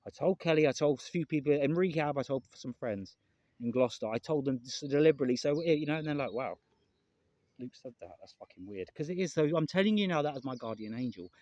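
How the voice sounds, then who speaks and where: A man's voice: on the high side, fast, a little mellow, no echo, muffled recording. A man talking to camera in a casual, rambling vlog, earnest and emotional, often repeating himself and swearing. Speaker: vlogger.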